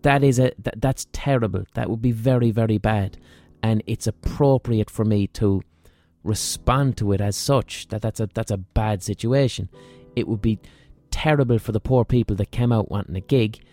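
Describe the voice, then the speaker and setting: A man's voice: fairly low pitch, moderate pace, soft background music. Sweary Irish man ranting a comic story. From Ireland. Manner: sweary, ranting, animated asides. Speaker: comedian and podcast host. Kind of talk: profane comic storytelling monologue.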